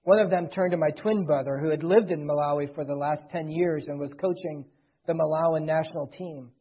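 A middle-aged man preaching a sermon as pastor, earnestly, swelling loud and then dropping soft. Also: a little high, a little fast, breathy edge. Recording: dull lo-fi recording.

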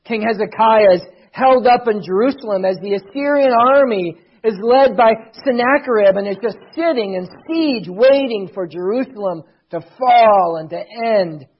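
High-pitched, husky preaching man. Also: highs cut off. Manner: preaching with rising and falling intensity, reading scripture aloud. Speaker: pastor. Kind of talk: sermon.

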